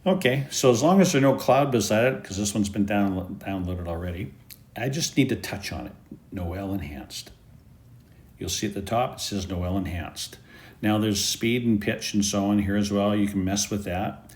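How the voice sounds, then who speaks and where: A man's voice: lowish voice, lively intonation, moderate pace. A man giving an easygoing, step-by-step app tutorial. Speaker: app presenter. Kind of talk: screen-recorded app tutorial.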